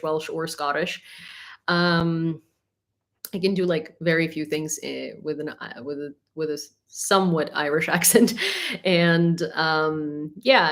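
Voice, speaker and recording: Chatty, low-pitched woman livestreamer. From Ukraine. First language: Ukrainian. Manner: chatty, rambling, laughs often. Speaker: livestream host. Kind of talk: casual live-stream chat.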